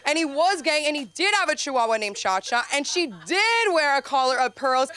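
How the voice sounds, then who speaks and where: Young female comic at an open mic: bright, slightly high voice, rambling and chatty, with sudden excited spikes. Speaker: stand-up comedian. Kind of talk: open mic stand-up set. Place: comedy club stage.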